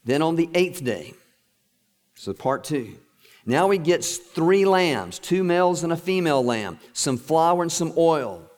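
A middle-aged male preacher delivers a sermon as animated storytelling. His voice sits fairly high, and long reverb from the hall trails after each phrase. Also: unhurried. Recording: echoey hall.

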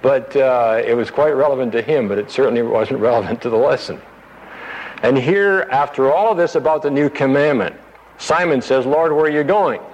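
A man's voice: medium pitch, normal speed, a little mellow. Man teaching the Bible over radio. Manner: acts out the disciples' lines in a raised, pleading voice. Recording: dull radio broadcast with long reverb.

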